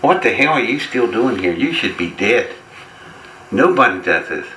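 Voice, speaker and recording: A man with a low, bright, forceful voice tells his story in a folksy, wry way, breaking into chuckles. He sounds like he is in a roomy, echoey space with a faint hiss behind him. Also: expressive, normal speed. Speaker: interview guest. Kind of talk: casual storytelling.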